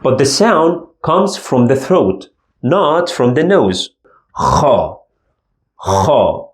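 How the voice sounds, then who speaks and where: A man teaching the alphabet in a language lesson, slowly demonstrating throaty letter sounds. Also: on the high side, big pitch swings, reverberant. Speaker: Arabic teacher.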